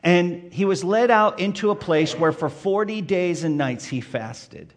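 A man's voice: high-pitched, lively intonation, measured pace. A man preaching a sermon, addressing the listeners directly with questions and building emphasis on key points. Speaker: pastor.

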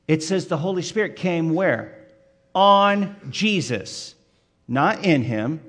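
High-voiced, measured male preacher. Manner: emphatic, rising in intensity on key points; addresses listeners directly with questions. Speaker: pastor. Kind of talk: sermon.

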